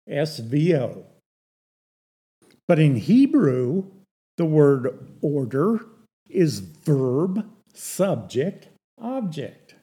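A man's voice: fairly high pitch, warm tone, husky. A man teaching a Sunday morning Bible study, explaining patiently, repeating key points and asking rhetorical questions.

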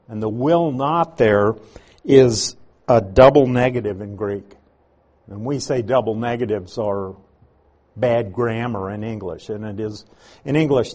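A man preaches an evening Bible study in an unhurried, conversational way, sprinkling in asides as he teaches. His voice sits at a middle pitch with a husky edge, and he takes his time. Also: darkish tone. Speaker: pastor.

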